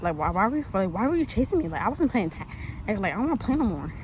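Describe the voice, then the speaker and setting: A woman's voice: mid-range voice, very animated, quick pace, a little mellow, a little hiss or hum, rough recording. A woman giving playful, dramatic commentary on a game video, giggling, squealing and bossing her friend around. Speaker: gaming video creator.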